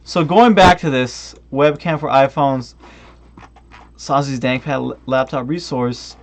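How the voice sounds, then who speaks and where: A man's voice: mid-range voice, unhurried. A tipsy young man ranting on a stream, swearing heavily, restarting often and drifting off on tangents.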